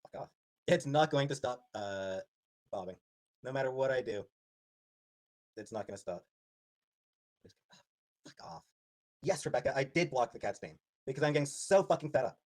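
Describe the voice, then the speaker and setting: A man's voice: mid-range voice, expressive, normal speed, pauses often. A man livestreaming, irritated and swearing as he snaps at his chat. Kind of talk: livestream rant.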